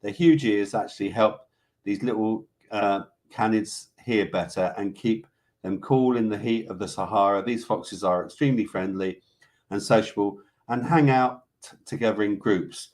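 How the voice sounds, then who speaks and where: Hosting a relaxed live stream, a British man reads animal facts and viewer comments aloud, chatting and joking along the way. His voice is on the low side and slightly mellow, at a normal speed.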